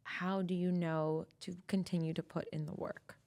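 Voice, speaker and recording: A woman hosts a conversational podcast, keeping the talk flowing with friendly affirmations. Her voice sits a little low for a woman. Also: flat delivery, dark tone. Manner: supportive listener, quick affirmations and laughs. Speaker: podcast host.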